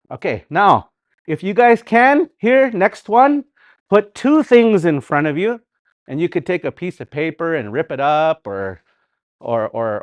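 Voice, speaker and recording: Animated man teaching a language class. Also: on the high side, no room sound, clean studio sound. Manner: animated, repeats words slowly for practice; sings and hums phrases to show the tune.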